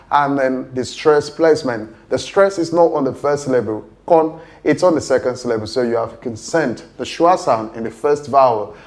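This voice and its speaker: A man with a Nigerian English accent teaching a pronunciation lesson. He explains patiently and slows down to model each word. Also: medium pitch, a little mellow.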